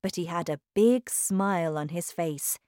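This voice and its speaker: A woman slowly reading a simple storybook and word list for language learners. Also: on the low side, warm tone, dry recording, clean studio sound. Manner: careful, clearly paced reading. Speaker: narrator.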